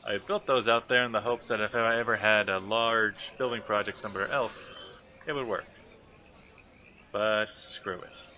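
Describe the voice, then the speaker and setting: Guy with a lowish voice talking to himself over a game, crickets and noise behind. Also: steady tone, normal speed, bright, forceful tone. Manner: muttering to himself, thinking aloud. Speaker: gameplay commentator. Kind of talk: casual game commentary.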